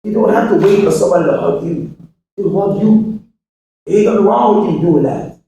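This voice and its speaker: A man giving a motivational speech to a live audience. He swings from shouted appeals to hushed, preachy lines and keeps firing rhetorical questions. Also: high-pitched, normal speed. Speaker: motivational speaker to students. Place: large echoey hall with an audience. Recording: very echoey hall from far off.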